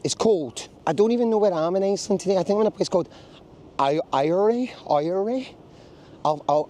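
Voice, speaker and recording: A Scottish man with a somewhat high, slightly mellow voice vlogs casually while walking outdoors in a small town. His travel talk to camera is chatty, jokey and rambling.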